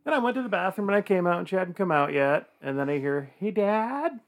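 A man in his thirties recounting an anecdote on a podcast, voice slightly high. He tells it casually and brings it to life by acting out each quote. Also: fast, a crowd in the background. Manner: animated storyteller, acts out quotes. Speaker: podcast host. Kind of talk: casual storytelling.

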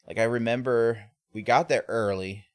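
A man's voice: medium pitch, normal speed, no room sound, studio quality. A man co-hosting a casual chat, telling rambling tour anecdotes with frequent laughs. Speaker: podcast co-host, band member.

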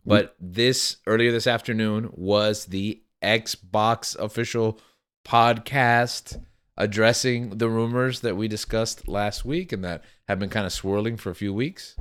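Brief: male podcast host, low voice, casual, patient but a little exasperated, keeps the chat on track. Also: steady tone, unhurried, a bit bright, clean tone. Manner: exasperated, steering the talk back on topic.

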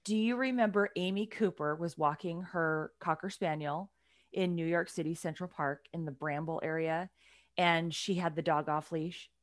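Lively woman telling a story, dry close sound. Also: lowish voice, moderate pace, no echo. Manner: animated, conversational, swings between loud and hushed. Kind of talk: casual storytelling chat.

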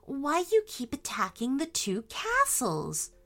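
A woman voicing a polite young girl in a storybook reading, speaking softly and high. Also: huge pitch swings, slow pace, faint music behind, full character voice. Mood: gentle. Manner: soft, high and careful.

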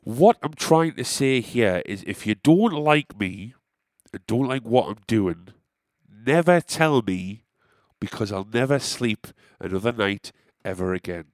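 A man's voice: medium pitch, lively intonation, unhurried, no room sound. Young man, musician, rambling self-mocking monologue, sweary, dry close sound. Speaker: musician telling a story. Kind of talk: casual storytelling monologue.

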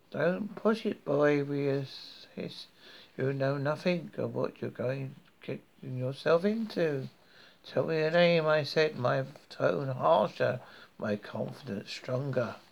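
Slow, gravelly British man reading horror. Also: on the high side. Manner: slow, measured reading with occasional slips and restarts. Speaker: horror story narrator. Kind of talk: reading a horror story aloud.

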